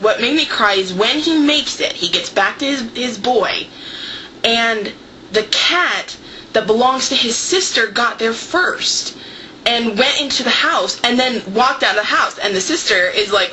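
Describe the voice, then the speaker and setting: A woman's voice: on the high side, sharp tone, a little hiss or hum, low-quality recording. A young woman chatting casually to her camera about books, talking loosely with lots of "like" fillers. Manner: chatty, heavy use of "like" fillers. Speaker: book vlogger. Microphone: camera microphone.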